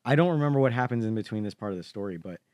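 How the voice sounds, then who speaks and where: Podcast co-host, man, very low voice, rambling and hesitant, dry close mic. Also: animated, racing, a little mellow, no room sound. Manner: rambling, hesitant storyteller full of fillers. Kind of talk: casual chat.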